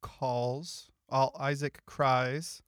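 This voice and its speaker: A man solving a crossword with friends in casual chat, offhand with quick guesses. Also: medium pitch, level tone, clean tone, no room sound, clean studio sound. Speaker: crossword solver.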